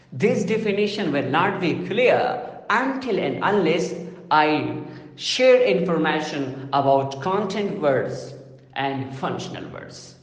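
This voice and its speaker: A man giving a slow, deliberate lecture on phonology, repeating his points and listing terms one by one. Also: high-pitched. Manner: slow, deliberate, repetitive phrasing with lists. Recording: echoey room with long reverb.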